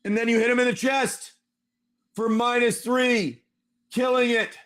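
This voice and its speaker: A man's voice: very high voice, level tone, unhurried, fairly bright tone. A man running a tabletop game on a live stream, narrating each move play by play. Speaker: game master.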